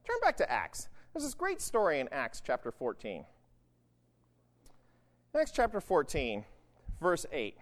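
A man's voice: on the high side, wildly swooping pitch, a little slow, pauses often. A man preaching a sermon in a casual, conversational way, often checking in with "right?". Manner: conversational, keeps asking "right?". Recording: long hall reverb.

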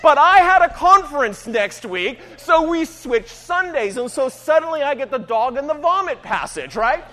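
Male pastor, casual sermon delivery, high, bouncy pitch, reverberant sanctuary. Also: very animated, normal speed, few pauses, sharp tone, slight background noise. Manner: conversational, self-deprecating, keeps asking "right?". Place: church sanctuary.

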